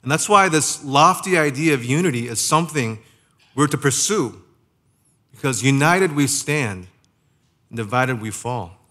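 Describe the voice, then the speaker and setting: A man preaching a sermon in a conversational way, asking the listeners rhetorical questions and slowing down to stress key phrases. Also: medium pitch, animated, sharp tone. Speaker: pastor.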